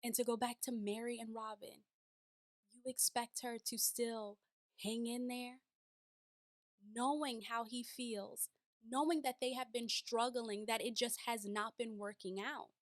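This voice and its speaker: A woman talks straight into the mic in a casual reaction commentary, pressing her points with rhetorical questions. Her voice sits a little high, and the sound is dry and close. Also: measured pace, no echo. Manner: animated, emphatic, rhetorical questions. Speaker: reality TV commentator.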